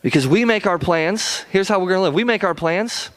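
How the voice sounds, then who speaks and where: A man delivers a sermon with earnest repetition. He often stumbles over his first words and restarts them. His voice sits a little higher than most men's. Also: expressive, a little fast, a bit bright. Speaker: pastor.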